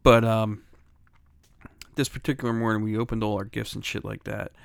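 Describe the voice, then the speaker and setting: A man's voice: lowish voice, level tone, normal speed, vocal fry, smooth, dry recording. A middle-aged man from Philadelphia, co-hosting a podcast, telling a profane, laughing story in casual chat. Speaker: podcast co-host. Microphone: close studio mic.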